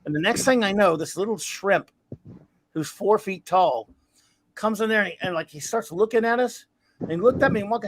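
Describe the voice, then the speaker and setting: A man's voice: high voice, moderate pace, slight background noise, poor audio. A man in his fifties hosting a casual podcast chat, telling rambling anecdotes in a blunt, crude, joking way. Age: 50s. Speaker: podcast host.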